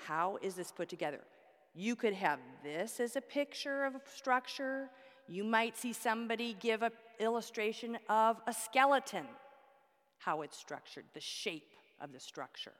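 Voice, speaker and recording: A woman's voice: fairly high pitch, expressive, moderate pace. Woman teaching Bible study in a reverberant hall. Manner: explains with props and rhetorical questions.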